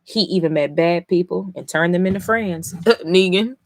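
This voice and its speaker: A woman's voice: lowish voice, moderate pace. A woman streaming live as she reads comics aloud and reacts, emotional and blunt, swearing freely between passages.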